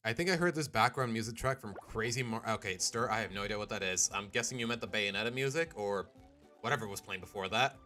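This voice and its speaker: A young man live-streaming a video game, chatting casually with viewers in an animated, jokey way and sometimes slipping into silly accents. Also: lowish voice, quick pace, faint music behind.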